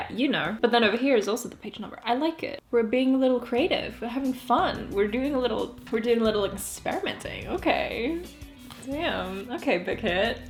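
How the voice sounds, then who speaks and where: A woman in her twenties, chatty and giggly, talking casually through a collection with joking asides. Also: mid-range voice. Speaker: vlogger. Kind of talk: casual album walkthrough.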